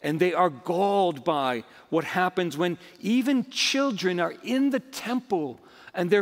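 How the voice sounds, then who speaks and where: A man's voice: high-pitched, animated, measured pace, big-room sound. A male pastor preaching a sermon with emphatic, rising and falling delivery. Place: church sanctuary.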